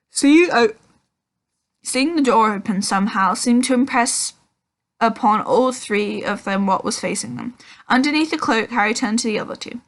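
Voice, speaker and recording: A woman's voice: on the high side, moderate pace. A woman reading a children's novel aloud, with frequent ums and self-corrections. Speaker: audiobook reader.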